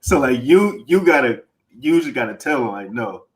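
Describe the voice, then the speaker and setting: A man's voice: mid-range voice, very animated, a little fast, a little hiss or hum. A man co-hosting a podcast, chatting casually with laughter and repeated fillers. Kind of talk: casual chat.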